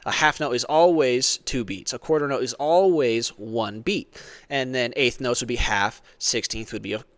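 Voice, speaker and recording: A man's voice: mid-range voice, normal speed, fairly bright tone, no echo. A man teaching a church music lesson, explaining patiently, counting beats aloud, and often asking "right?". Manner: conversational, frequent "right?".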